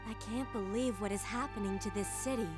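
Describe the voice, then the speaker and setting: A woman's voice: mid-range voice, a little fast, lightly acted. An actress voicing a shaken young woman in a video game, repeating one dismayed line. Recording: game audio with loud music behind.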